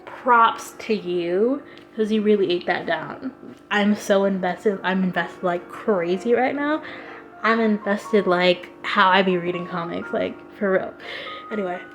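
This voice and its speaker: A woman commenting on a game, excitable and gushing, often breaking into laughter. Her talking is unhurried, with soft game music playing behind her. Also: medium pitch. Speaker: let's play gamer.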